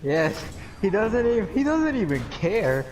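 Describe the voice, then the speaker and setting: A man's voice: high-pitched, sing-song, darkish tone, slight background noise. A young man on voice chat with friends, cutting in with teasing protests and pleas. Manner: slow, teasing pleading interjections. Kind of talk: casual chat while gaming.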